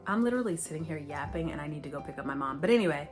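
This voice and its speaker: A young woman with a slightly low voice tells a rambling story in a casual, animated way, full of fillers and playful asides to her viewers. Faint music plays softly behind her. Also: rapid-fire. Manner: chatty rambling with many fillers. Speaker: beauty vlogger. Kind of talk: casual storytelling while doing makeup. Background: faint background music.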